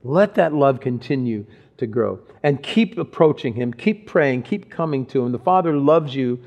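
A man's voice: mid-range voice, expressive, normal speed, vocal fry, a little mellow. A man preaching a sermon as pastor. His delivery is earnest and conversational, with frequent restarts. The recording is dull and lo-fi. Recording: dull lo-fi sound.

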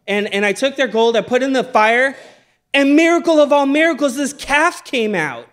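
A man's voice: very high voice, animated, moderate pace, a bit bright, voice pushed up. A man voicing a nervous man making lame excuses, hesitant and stammering with lots of ums. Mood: sheepish.

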